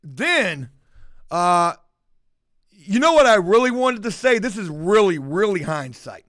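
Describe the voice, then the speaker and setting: A man's voice: sits high, big pitch swings, measured pace, a bit bright, no room sound, clean studio sound. A man telling a story to camera as a profane, mocking rant. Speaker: vlogger.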